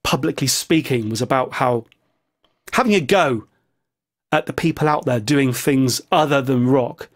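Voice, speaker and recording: A man's voice: medium pitch, a little slow. A man giving a rambling, jokey vlog commentary full of chatty asides. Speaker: vlogger. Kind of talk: casual opinion vlog commentary.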